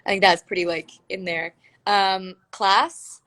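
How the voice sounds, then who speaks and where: A woman's voice: medium pitch, steady tone, unhurried, a bit bright. A woman chatting casually as a guest on a phone livestream, gushing and giggly, full of "like" fillers.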